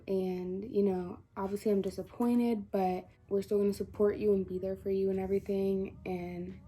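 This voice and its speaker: A woman's voice: medium pitch, warm tone. A teenage girl vlogging, chatting through a personal story with lots of "like" and quoted dialogue, close to crying. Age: teens. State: near tears. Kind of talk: casual storytelling to camera.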